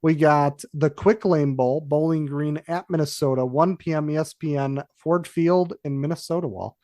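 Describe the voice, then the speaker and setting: Man, fairly high voice, dry close sound, rambling casual sports chat, lots of fillers. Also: steady tone, moderate pace, mellow, no room sound. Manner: rambling, self-correcting, frequent fillers. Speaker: podcast co-host.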